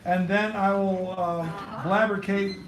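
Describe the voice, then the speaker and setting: A man hosts a cafe open mic with a loose and jokey energy. His voice is high and swings widely, though he speaks slowly. The room is echoey and loud noise and clicks run underneath. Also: flat delivery. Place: small cafe indoors.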